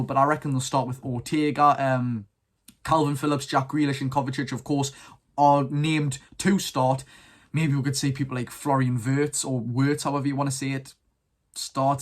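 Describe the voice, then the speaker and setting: A seventeen-year-old with a Geordie accent, chatting casually to camera about his football club with strong opinions. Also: mid-range voice. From North East England. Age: teens. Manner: chatty, rambling, keen opinions. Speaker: football fan vlogger.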